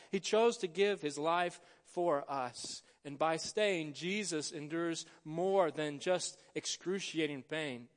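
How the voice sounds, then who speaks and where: Casting: male pastor, 30s, high tenor, earnest sermon delivery with long hall reverb. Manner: earnest preaching, rising to emphatic stresses then dropping soft. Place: church sanctuary.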